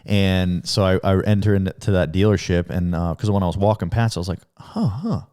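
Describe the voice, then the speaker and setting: A man talks as a podcast guest in a loose, unpolished way, stacking fillers and restarts. He swears often and backs up to correct himself mid-sentence. His voice sits on the low side. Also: flat delivery, brisk, mellow, clear, resonant tone. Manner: rambling, heavy swearing and fillers; frequent self-corrections and restarts. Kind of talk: casual storytelling.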